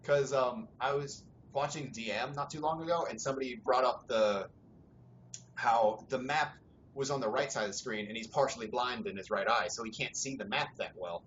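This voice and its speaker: A young man hosting a casual gaming podcast, rambling in a relaxed way, swearing freely and laughing often. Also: medium pitch, normal speed. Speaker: podcast host. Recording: dull lo-fi sound, faint background noise.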